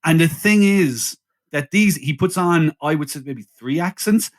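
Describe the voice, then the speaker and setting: A man's voice: fairly high pitch, animated, a little slow. A man co-hosting a podcast, steering a casual film chat with wry remarks and laughing along. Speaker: podcast co-host.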